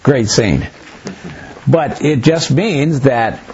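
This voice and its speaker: A pastor or Bible teacher leads a conversational Bible study, telling stories animatedly, acting out bits of dialogue, and loosely restarting as he goes. His mid-range voice is extremely slow, a little mellow, and breathy, captured in a muffled lo-fi recording.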